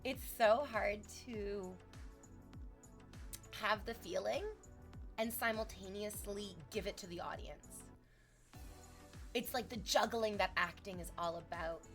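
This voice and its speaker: A woman's voice: medium pitch, steady tone, unhurried, fairly bright tone, soft background music. A young adult woman streaming, chatting casually and reflectively, candid and swearing freely. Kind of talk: casual chat.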